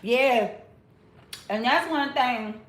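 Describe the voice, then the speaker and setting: Woman in her forties, live-stream commentary host, unhurried drawl, bright higher voice, blunt and sassy, echoey room. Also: slight background noise. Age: 40s. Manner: drawn-out, talks straight to the chat.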